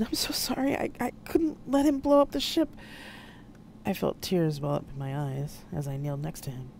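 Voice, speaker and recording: An author reading their own novel aloud in first person on a live stream, with an expressive, dramatic delivery. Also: medium pitch, a little hiss or hum. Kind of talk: first-person audiobook narration read live. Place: home streaming setup.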